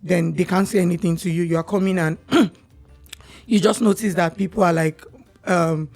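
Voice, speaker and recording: Gravelly-voiced Nigerian woman telling her story. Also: lowish voice, moderate pace. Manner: candid, animated storyteller. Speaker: podcast guest. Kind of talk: personal storytelling in conversation.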